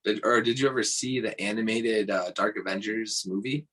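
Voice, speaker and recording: A man's voice: on the low side, normal speed, fairly bright tone, breathy edge, poor audio. A man who is a podcast guest, chatting casually, asking questions and laughing easily. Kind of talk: casual chat.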